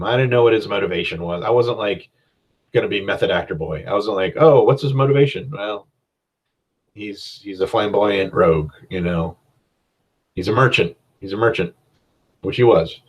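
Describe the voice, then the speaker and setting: Low-voiced man rambling on a podcast. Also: breathy edge, muffled recording. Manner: rambling and self-deprecating, with many fillers. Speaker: podcast host and game master. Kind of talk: casual solo podcast talk.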